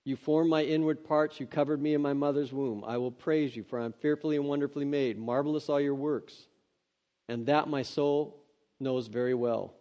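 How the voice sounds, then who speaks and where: A man preaching, reading scripture aloud and breaking off into earnest, excitable, conversational asides. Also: a little high, normal speed. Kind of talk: devotional scripture reading with commentary. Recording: dull lo-fi sound.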